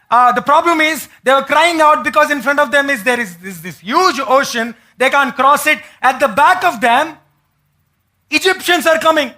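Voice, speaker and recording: A man's voice: very high-pitched, expressive, unhurried, bright, forceful tone. A man preaching a sermon as pastor in a church, asking the congregation questions and acting out the words of biblical figures.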